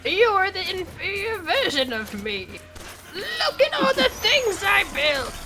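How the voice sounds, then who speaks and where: A woman's voice: very high-pitched, big pitch swings, measured pace, voice pushed up, exaggerated voice. A woman voicing a pompous, boastful male villain who rants ominously.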